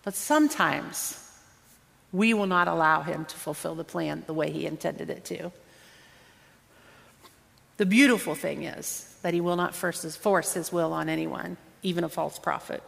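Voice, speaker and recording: A woman's voice: on the low side, normal speed, creaky, fairly bright tone. A woman preacher delivering a conversational, earnest sermon, drawing out words for emphasis. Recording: long hall reverb.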